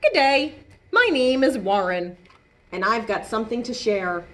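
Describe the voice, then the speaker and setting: A woman's voice: a little high, sing-song, a little slow, a little hiss or hum. A woman voicing a grumpy, fed-up male koala who complains indignantly in a storybook read-aloud. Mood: grumbling.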